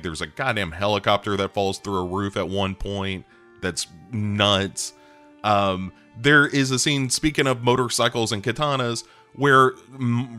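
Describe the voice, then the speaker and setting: A podcast host with a fairly low, pushed and bright voice gives a casual monologue reviewing a film. He's rambling, profane and enthusiastic, with lots of ums and uhs.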